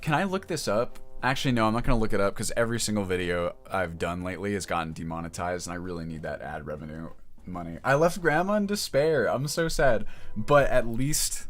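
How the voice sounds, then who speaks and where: Lowish guy rambling on his stream, gets all emotional, cuts himself off a lot, quiet music behind. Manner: rambling, emotional, often breaks off mid-sentence. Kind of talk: casual livestream chat. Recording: music playing in the background.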